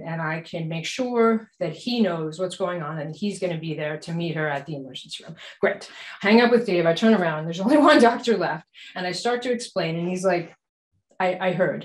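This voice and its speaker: Animated woman telling a story onstage. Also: fairly low pitch. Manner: animated, acts out her own quoted panic. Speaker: doctor and practice manager. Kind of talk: live storytelling performance. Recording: echoey live venue.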